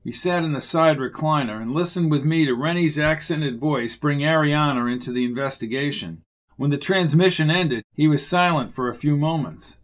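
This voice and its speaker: Man, audiobook narrator, first-person noir reading, dry wry delivery, somewhat high pitch. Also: moderate pace, a bit bright.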